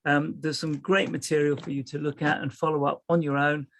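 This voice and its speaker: A man chairing an online webinar, thanking speakers and wrapping up in a friendly, hurried way over a video call microphone. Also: on the high side, level tone, a bit bright, a little hiss or hum. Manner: friendly, hurried wrap-up with fillers. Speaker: session chair.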